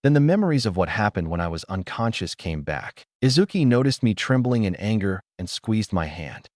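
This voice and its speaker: A man reading a fan story aloud in an expressive first-person narration. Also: lowish voice, a little fast, no echo, studio quality. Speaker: story reader.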